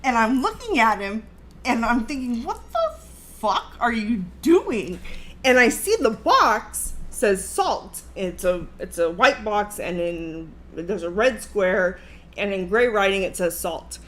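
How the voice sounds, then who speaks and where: A woman in her thirties hosting a livestream, telling a story in a casual, animated, profane way and laughing along the way. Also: medium pitch, unhurried. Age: 30s. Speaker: livestream host.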